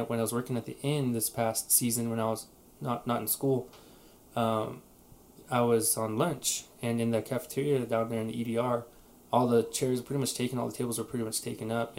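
A man co-hosting a relaxed podcast, telling a story in loose, rambling sentences that he often restarts. His voice sits at a middle pitch. A faint noise hums under the recording. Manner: rambling, frequent restarts and fillers. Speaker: podcast co-host. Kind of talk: casual chat.

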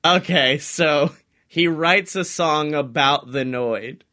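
A man co-hosting a comedy podcast, excitable and quick to laugh and swear as he riffs in casual chat. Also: on the high side. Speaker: podcast co-host.

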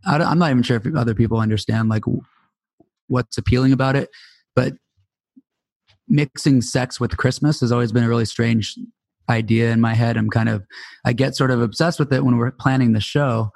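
A man's voice: medium pitch, fairly even intonation, a little fast, gravelly, darkish tone, no room sound. A man in his forties, a podcast co-host chatting casually with a wry, laid-back manner. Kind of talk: casual chat.

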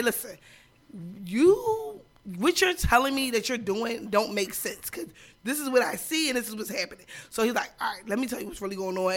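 A woman's voice: on the high side, fairly bright tone. A woman co-hosting a podcast, blunt and emphatic in casual chat, swearing freely. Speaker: podcast co-host.

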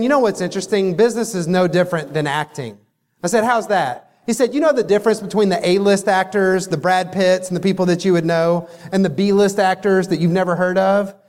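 A man giving a motivational keynote speech, emphatic, telling stories with dramatic pauses, in a large hall. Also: high voice, a little mellow. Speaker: keynote speaker. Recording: long hall reverb.

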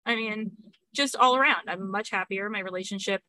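A woman's voice: mid-range voice, fairly quick, bright, forceful tone, dry recording. A woman, a guest on a podcast, talking at length with many fillers. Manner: talkative, fillers, laughs between points. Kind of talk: casual chat.

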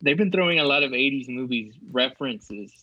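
A man co-hosting a casual podcast recap, telling each scene like a lively story. His voice is bright and pushed forward. The sound is dry and close, with little room in it. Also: medium pitch, a little fast, husky, no room sound, dull audio. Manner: animated storyteller who acts out quotes and laughs often. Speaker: podcast co-host.

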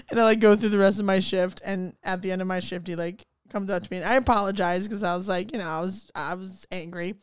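A woman's voice: medium pitch, normal speed, fairly bright tone, smooth, no echo, studio quality. A woman in casual chat, animatedly telling a work story with profanity and quoted voices.

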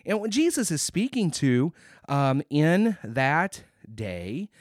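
A man's voice: a little high, sing-song, slow, no room sound, studio quality. A man hosting a podcast, giving an earnest, casual Bible teaching with frequent restarts and emphatic swells. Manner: earnest, many restarts and fillers, rising to emphatic. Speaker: podcast host.

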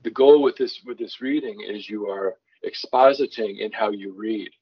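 Husky-voiced man, low and muffled. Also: moderate pace. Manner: thoughtful, restarts often, reads scripture aloud with varied emphasis. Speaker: songwriter guest. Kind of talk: conversational explanation.

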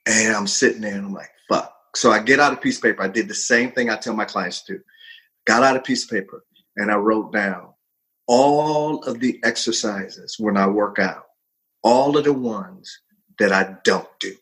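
A man in his fifties, a fitness coach, telling a personal story in a lively, casual way, jumping in pitch for emphasis and laughing often. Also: normal speed, slightly rough, low-quality recording. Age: 50s. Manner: animated, swings pitch widely for emphasis; frequent laughter and profanity.

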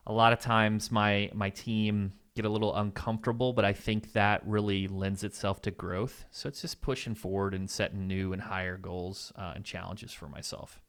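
Man, nasal, fairly low pitch, casual podcast guest, upbeat and candid. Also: little pitch movement, a bit bright, smooth. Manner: upbeat, candid, listing ideas in quick bursts. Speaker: podcast guest, agency owner. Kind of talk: casual interview answers.

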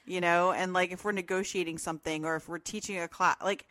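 A woman's voice: lowish voice, fairly even intonation, fast, fairly bright tone, no echo. A woman co-hosting a podcast in casual, rambling talk full of fillers and laughs. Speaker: podcast co-host. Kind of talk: casual discussion. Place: room at home with open windows.

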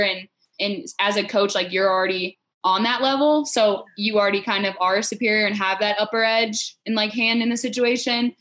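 A woman and former player chatting casually, telling stories with lively acted-out quotes and lots of fillers. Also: medium pitch, normal speed. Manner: animated storyteller, acts out quotes, many fillers. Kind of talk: casual podcast chat.

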